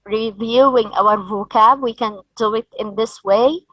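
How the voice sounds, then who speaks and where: A woman from Egypt leading a teacher training session, explaining slowly and modelling sounds and intonation patterns. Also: on the high side, fairly bright tone, dry recording, muffled recording.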